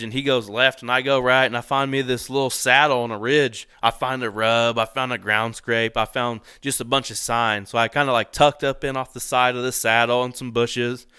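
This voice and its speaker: A young adult man telling a story as a podcast guest, animated, laughing often and swearing casually. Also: medium pitch, moderate pace, clear, resonant tone, dry recording, studio quality.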